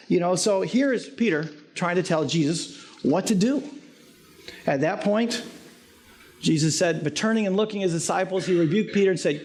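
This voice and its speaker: High-voiced man giving a casual sermon. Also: normal speed. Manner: informal, joking, self-deprecating asides. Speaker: preacher. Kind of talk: conversational sermon.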